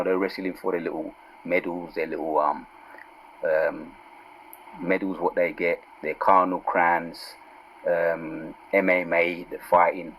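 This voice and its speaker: A man teaching from scripture in a casual sermon, reading verses out slowly and with force, then dropping into low asides and asking "yeah?" and "right?". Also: fairly bright tone, slight background noise, low-quality recording. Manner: calls out "yeah?" and "right?" to listeners. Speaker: preacher.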